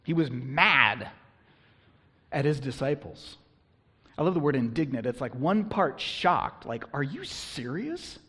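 A man preaching a sermon as pastor, talking conversationally and punching words with bursts of loud emphasis. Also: mid-range voice, lively intonation, a little slow, long pauses, husky, long reverb tail.

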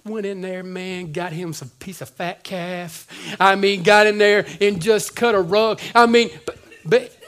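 Man, high voice, pastor, lively sermon, casual slang, loud then hushed. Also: a little slow.

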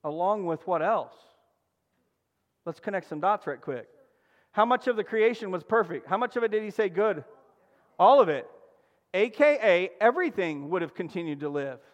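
A high-voiced man preaches with wide swings of pitch, jumping from emphatic calls to quiet, low asides. He keeps asking his listeners questions and prodding them for answers. His voice rings out in a long, reverberant hall. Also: animated, moderate pace, pauses often, lo-fi sound. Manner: emphatic, call-and-response preaching with sudden drops to a hush. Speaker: pastor. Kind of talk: sermon.

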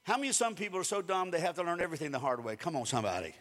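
A man delivers a sermon in a high voice, full of lively call-outs to his congregation. His voice rings with the long reverb of a large hall. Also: rapid-fire. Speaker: pastor.

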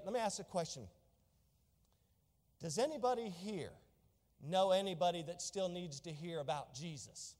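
High-voiced preaching pastor in a reverberant hall. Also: male voice, darkish tone. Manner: preaching, reads scripture in old wording, asks the congregation questions. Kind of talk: sermon. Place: church.

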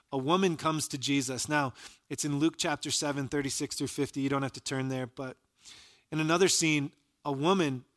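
Preaching earnestly, this male pastor recounts scripture narratives, and when he quotes someone his voice drops quiet and low.

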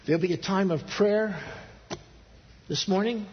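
Pastor guy preaching, earnest, gets soft and low on the tender bits, dull lo-fi sound. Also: a little slow. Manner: earnest, rising pitch for pleading questions, dropping soft and low for intimate appeals. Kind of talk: sermon. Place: church sanctuary. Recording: husky voice in a long-reverb church hall, dull lo-fi sound.

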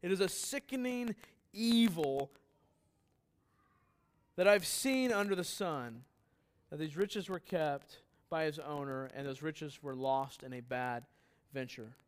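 A man preaching a verse-by-verse sermon in a chatty, relaxed way. His voice sits a little high, and he breaks off for quick jokes and questions to his listeners. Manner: conversational, joking asides, quizzes the congregation. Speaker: pastor. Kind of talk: sermon Bible teaching.

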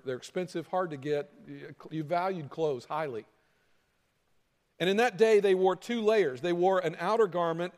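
A man's voice: on the high side, darkish tone. A man preaching a sermon as pastor, talking in a conversational way and acting out quarrels between people. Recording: hall reverb.

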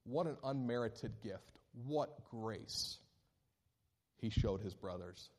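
A male pastor preaching a sermon, moving between animated high-pitched questions and slow, deliberate scripture reading. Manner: reads scripture aloud slowly and deliberately.

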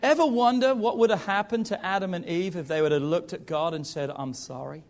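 A man in his thirties delivering a sermon with a notably high voice. He talks directly to the congregation, breaking off for playful asides before pressing his point. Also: a little fast. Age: 30s. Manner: lively, jokey asides to the congregation. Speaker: preacher.

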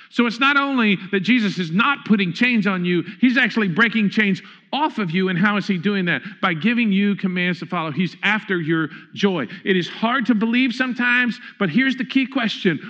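A man's voice: high-pitched, bright, forceful tone, lo-fi sound. A male pastor preaching a sermon in a conversational way, asking the congregation questions.

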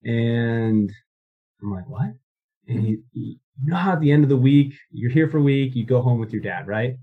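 A man's voice: medium pitch, animated, normal speed, breathy edge. Rambling man telling his story, lo-fi. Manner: rambling, many fillers and restarts, laughs often. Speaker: guest. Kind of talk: casual storytelling interview.

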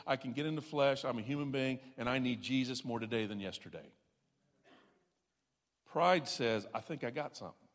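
A man's voice: medium pitch, moderate pace. A man preaching a sermon, folksy and self-deprecating, stressing points with repeated emphasis. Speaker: pastor. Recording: long reverb of a large hall.

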